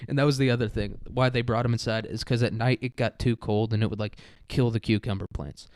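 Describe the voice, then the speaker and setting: A man's voice: mid-range voice, steady tone, fast talker, darkish tone, no echo. A man rambling through a crude, profane comedic monologue, full of "like" and "dude". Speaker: podcast host.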